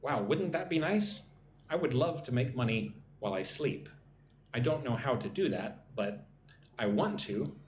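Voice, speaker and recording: A man's voice: medium pitch, expressive, normal speed, echoey room, slight background noise. A man teaching English on a live stream, reading chat comments and drilling pronunciation.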